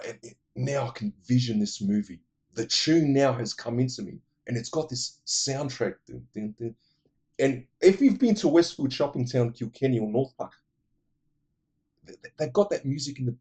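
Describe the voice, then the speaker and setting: A man casually retelling movie plots in an animated way, adding vocal sound effects. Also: medium pitch, normal speed. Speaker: movie reviewer.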